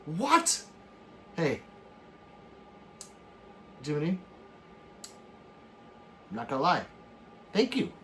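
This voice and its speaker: A man with a slightly high voice hosts a casual late-night livestream with a bit of background noise. He reads chat messages aloud and jokes back animatedly, breaking into laughs and shouts.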